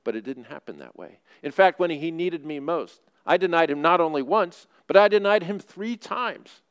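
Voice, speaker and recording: A man's voice: fairly high pitch, lively intonation, normal speed, fairly bright tone, clean tone. A man voicing the apostle Peter as a remorseful fisherman, telling his story in earnest first person.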